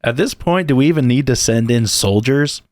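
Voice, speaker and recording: A man's voice: medium pitch, expressive, moderate pace, a little mellow, dry recording. A man hosting a reaction channel, making joking, sarcastic asides between clips. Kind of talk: casual commentary.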